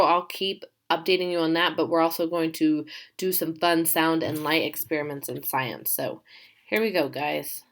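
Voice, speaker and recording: Teaching a remote class, a woman with a lowish voice reads a story aloud and asks her pupils questions in an animated way.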